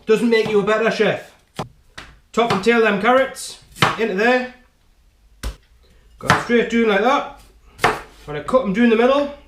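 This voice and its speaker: A man's voice: high-pitched, unhurried, long pauses. A man hosting a home cooking show, chatting and joking with the viewer as he demonstrates chopping in his kitchen. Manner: chatty, jokey, talks straight to the viewer with frequent "right?". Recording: echoey kitchen with faint noise.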